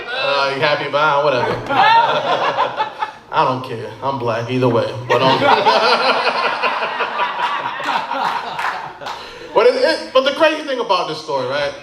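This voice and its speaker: Animated male stand-up comic. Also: fairly high pitch, slow, pauses often. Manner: animated storytelling with punchlines. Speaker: stand-up comedian. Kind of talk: stand-up comedy set. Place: bar stage at a brewery. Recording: echoey noisy bar room.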